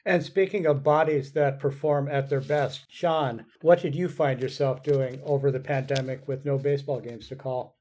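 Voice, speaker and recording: A man's voice: mid-range voice, fairly even intonation, normal speed, hardly any pauses, a little mellow. A man hosting a podcast, asking questions in a chatty way and laughing easily. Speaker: podcast host. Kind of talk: casual podcast interview.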